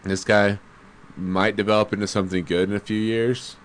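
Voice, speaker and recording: A man in casual sports chat, explaining his view in a measured way with frequent fillers. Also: lowish voice, level tone, slight background noise.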